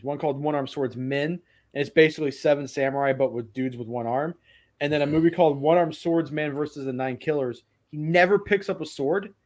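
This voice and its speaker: A man hosting a laid-back chat, rambling along with casual swearing and plenty of enthusiasm. His voice sits a little on the high side for a man. He talks loosely and eagerly, piling one thought on the next.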